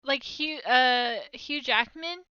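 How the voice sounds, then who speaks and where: A woman co-hosts a casual film chat, candid and quick to giggle. Her voice is bright, fairly high and smooth, though the mic sounds a bit dull and lo-fi. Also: no echo. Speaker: podcast co-host.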